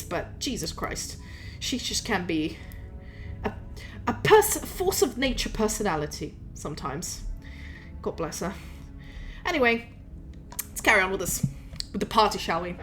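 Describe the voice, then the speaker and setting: A woman streaming a game, ranting casually and rambling in an exasperated way, with swearing throughout. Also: high voice. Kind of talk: casual gaming stream chat. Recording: game music in background.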